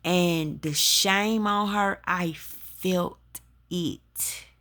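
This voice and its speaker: Woman host, slow unhurried delivery, emphatic preacher's testimony to her audience. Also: lowish voice, a bit bright. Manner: emphatic, addresses listeners as y'all. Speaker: spiritual talk host.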